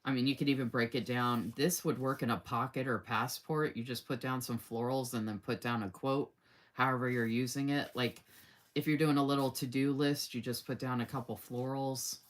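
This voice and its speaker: With a rumbling low voice, steady tone, and moderate pace, a woman hosts a live sticker showcase. She reads viewer comments aloud in a casual stream, gushing over planner stickers and repeatedly saying "oh my gosh."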